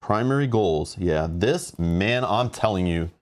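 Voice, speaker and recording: A man with a fairly low voice plays through a board game, reading rules and story text aloud. He rambles and grows exasperated over how the rules are laid out. His talk is casual and unscripted. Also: lively intonation, unhurried. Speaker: host playing a board game.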